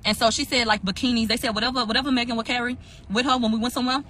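Woman co-host, rapid profane rant-style recap, noisy recording that may be in a vehicle. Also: on the high side. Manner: profane, ranting, animated retelling. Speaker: podcast co-host recapping court testimony. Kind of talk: casual storytelling recap.

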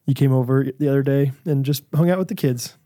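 A man in his thirties co-hosting a podcast, chatting casually and telling animated stories with quick asides. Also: mid-range voice, dry recording, clean studio sound. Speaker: podcast co-host. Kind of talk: casual chat.

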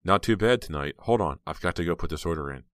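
A deep-voiced man reads an earnest teenage girl who worries and hurries to please. Her lines come raised and urgent in a dry, close audiobook sound. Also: expressive, fast, fairly bright tone, no room sound. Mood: eager.

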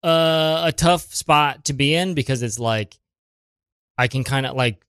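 A man chatting casually as a podcast guest. He rambles and hedges, with an ordinary middle pitch. The sound is dry and close. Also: a little slow, a bit bright, smooth, no echo. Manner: rambling, hedging with "like". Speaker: guest improviser. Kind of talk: casual chat and improv scene.

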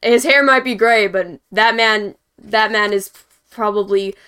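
A young woman hosts a post-game hockey talk in a loose, rambling way, leaning on fillers and small laughs between her points. Her voice sits at an ordinary middle pitch and comes across smooth and clear. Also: a little slow, fairly bright tone. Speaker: hockey podcast host. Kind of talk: casual post-game analysis.

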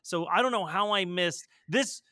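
A man in his thirties co-hosting a casual chat show, animated and swearing freely as he riffs. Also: sits high, moderate pace, dry recording, clean studio sound. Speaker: podcast co-host.

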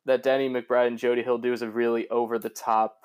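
A man's voice: medium pitch, little pitch movement, brisk, darkish tone, clear, resonant tone. Rambling young man, podcast co-host. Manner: rambling, many fillers and restarts, laughs often. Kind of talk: casual chat.

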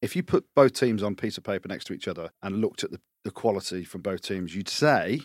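Quick-talking guy cohosting, lowish voice, teasing and jokey, dry mic. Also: animated, no room sound. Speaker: podcast co-host. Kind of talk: casual chat.

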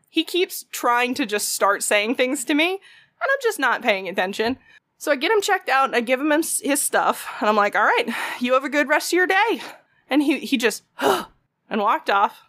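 A woman's voice: a little high, pushed and bright, dry recording, studio quality. A young woman, telling a story in casual chat, swearing freely and acting out quotes.

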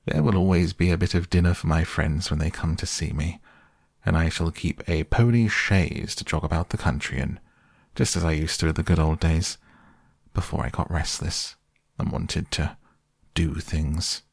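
A man reading a chastened, excitable male toad in a storybook, deep and gravelly, pleading and earnest. The voice sits close and dry on the mic, with little room around it. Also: normal speed, dry recording, heavily acted. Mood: contrite.

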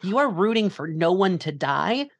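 A woman with a notably low voice talks through a film on a casual podcast. She rambles, leans on filler words and swears freely. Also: very animated, moderate pace. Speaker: podcast co-host.

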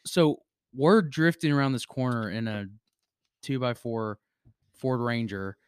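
A man's voice: medium pitch, a little slow, clear, resonant tone, no room sound. Young man telling rambling stories. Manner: rambling, loose storytelling with restarts. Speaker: podcast co-host. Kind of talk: casual storytelling chat.

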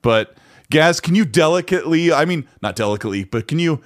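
A man's voice: on the high side, expressive, a little fast. Man co-host for a casual gaming show, loose and rambling. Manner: rambling, frequent restarts. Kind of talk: casual podcast chat.

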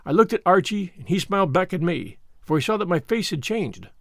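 A man narrating a novel in the first person, measured and earnest. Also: high-pitched, lively intonation, gravelly, fairly bright tone, no echo, studio quality. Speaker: audiobook narrator. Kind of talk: scripted narration.

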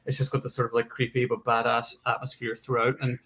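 A man's voice: mid-range voice, level tone, fast talker, fairly bright tone, slightly rough, dull audio. A man in a casual movie discussion, easygoing with frequent fillers. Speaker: podcast panelist.

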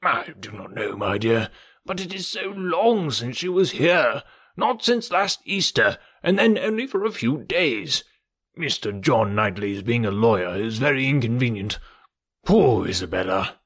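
Male reader as an elderly, fretful father. Husky, lively pitch. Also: unhurried, no room sound, clean studio sound, heavily acted. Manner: sighing, fussy, anxious. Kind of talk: audiobook reading.

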